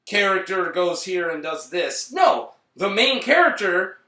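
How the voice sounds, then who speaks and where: A man hosting a casual movie review chat, excitable and rambling, often cutting himself off mid-sentence. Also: high voice, unhurried. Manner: excitable, rambling, self-interrupting. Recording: roomy, distant mic.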